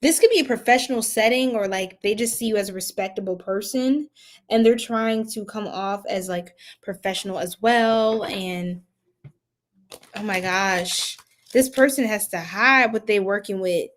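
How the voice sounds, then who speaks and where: A young woman doing a casual tarot reading, chatty and animated, often laughing and breaking into loud exclamations. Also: medium pitch, normal speed. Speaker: tarot reader.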